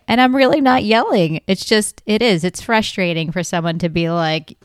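A woman's voice: medium pitch, normal speed, smooth, dry recording, clean studio sound. A woman hosting a comedy podcast, talking in a chatty, exasperated way and laughing often. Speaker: podcast host. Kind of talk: casual comedic monologue.

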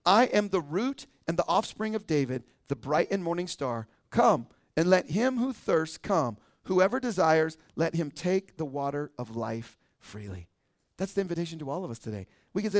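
A man's voice: on the high side, big pitch swings, normal speed. A man preaching as teaching pastor in a radio sermon, reading scripture and acting out quoted complaints with laughs.

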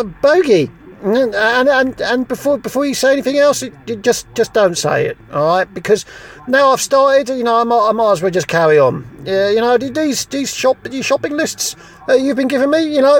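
Man doing a fed-up young jedi trainee, high voice, rambling, stammering, exasperated. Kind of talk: comedic parody monologue.

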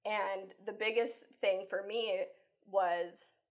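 A woman life coach talking casually as an interview guest, chatty and animated, acting out her own thoughts with lots of "like" and "you know.". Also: medium pitch, slow. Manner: acts out her own inner thoughts while telling stories. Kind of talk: conversational interview.

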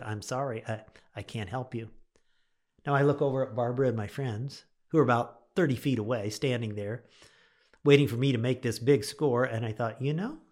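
Middle-aged male pastor, slightly gravelly, animated storyteller on a devotional broadcast. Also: medium pitch. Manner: animated storyteller acting out his own inner thoughts.

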